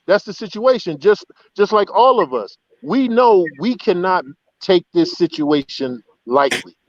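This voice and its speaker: A man's voice: sits high, big pitch swings, measured pace. A man who works as a radio DJ, speaking earnestly and emphatically in a casual chat, on a slightly muffled line. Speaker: radio DJ guest.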